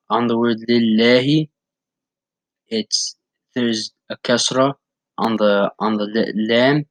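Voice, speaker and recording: A man teaching how to pronounce a recitation step by step, patiently repeating words slowly to demonstrate each sound. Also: fairly low pitch, fairly bright tone, no echo, low-quality recording. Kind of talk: step-by-step pronunciation lesson.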